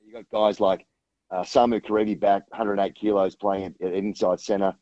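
A man's voice: fairly low pitch, little pitch movement, moderate pace, mellow, no room sound, muffled recording. A man talking rugby as a guest on a sports radio show, rambling with many restarts. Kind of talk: casual radio chat.

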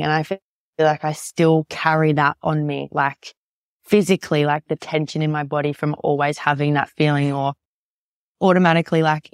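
A woman's voice: deep voice, dry recording, clean studio sound. A woman podcast host talking casually and openly, hesitant and searching for words with frequent "like".

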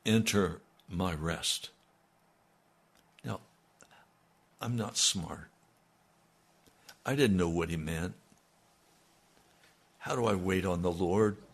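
Slow gravelly older male pastor. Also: low voice. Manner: slow, earnest, dropping to near-murmurs. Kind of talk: radio sermon.

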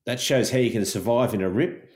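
An Australian man hosting a podcast, relaxed and easygoing in casual chat. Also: mid-range voice, brisk. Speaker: podcast host. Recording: roomy echo.

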